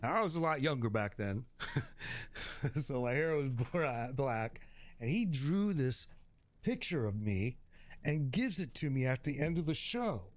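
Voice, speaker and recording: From his home streaming setup, a middle-aged streamer from Chicago spins slangy stories in casual chat, laughing a lot along the way. He speaks unhurriedly in a mid-range, very animated voice, with no echo.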